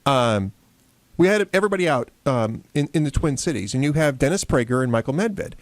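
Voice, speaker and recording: A man's voice: medium pitch, animated, fairly quick, no echo. A man hosting a talk show, chatting casually and enthusiastically about radio. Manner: chatty, enthusiastic, restarts often. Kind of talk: casual radio-style chat.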